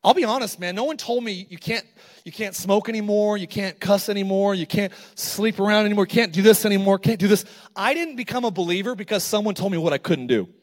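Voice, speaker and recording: A man with a notably high voice preaches with lively storytelling energy. He slips into casual asides, then rises to loud, emphatic calls to his congregation. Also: a little fast. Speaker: pastor. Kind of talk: sermon.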